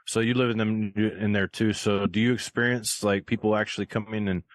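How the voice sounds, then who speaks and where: Male podcast host, lowish voice, casual rambly delivery, dry recording. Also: fairly even intonation, brisk, dry recording. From rural area of the United States. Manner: rambling, lots of fillers. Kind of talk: casual chat.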